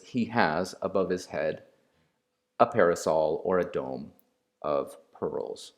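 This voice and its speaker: Male lecturer, low voice, unhurried and deliberate delivery with thinking pauses. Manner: slow and deliberate, with pauses and fillers. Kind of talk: explanatory lecture.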